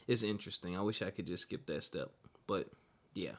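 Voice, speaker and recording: A man's voice: deep voice, a little fast, a bit bright. A man hosting a podcast in casual, loose, slangy chat, joking with his co-host.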